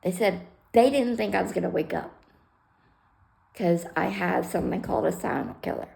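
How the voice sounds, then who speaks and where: A woman's voice: on the low side, lively intonation, normal speed, gravelly, warm tone. A woman, a retired fire rescue worker, telling her own story in a casual vlog, blunt and candid, swearing and mixing humor with raw emotion. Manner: retells scenes by acting out both sides of conversations.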